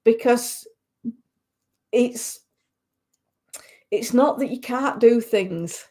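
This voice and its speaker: A woman giving a psychic reading to a caller on a radio show, talking haltingly with many restarts and fillers. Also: on the high side, dark tone.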